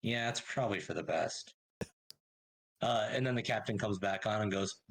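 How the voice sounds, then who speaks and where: A man running a tabletop game as game master, narrating in a relaxed, hesitant way with lots of fillers. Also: lowish voice, normal speed, vocal fry, pauses often, rough recording.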